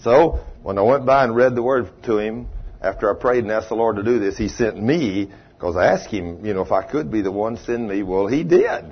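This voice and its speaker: A husky-voiced man delivers a folksy sermon full of homespun stories. His voice rises into loud bursts, then drops low and quiet. The recording is muffled and lo-fi. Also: animated, moderate pace. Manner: folksy storytelling, swinging between loud and hushed. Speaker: preacher. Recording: dull lo-fi recording.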